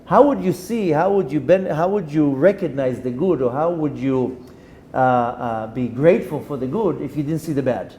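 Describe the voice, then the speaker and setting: A man, a rabbi giving a Torah lesson, telling a story with animated delivery, dropping in Hebrew terms and restarting his sentences. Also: fairly high pitch, normal speed. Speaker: rabbi teaching a Torah class.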